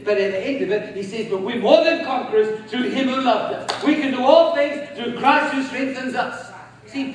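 A man preaching a sermon with emphasis, leading the congregation in call-and-response. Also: very high-pitched. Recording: echoey hall, voice from far off.

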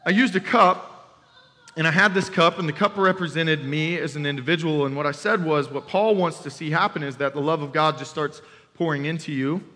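A young man preaching in a church sanctuary, his voice high and ringing. He talks animatedly and conversationally, throwing questions out to the congregation. The sound carries a long reverberant tail from the hall. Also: fairly quick, bright, forceful tone. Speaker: youth pastor preaching as guest. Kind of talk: sermon.

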